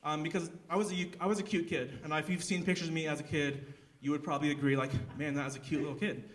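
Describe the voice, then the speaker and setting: Young male stand-up comic, slightly high voice, rambling self-deprecating delivery on a theater stage mic. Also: fairly even intonation, fast talker. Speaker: stand-up comedian. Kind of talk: live stand-up set.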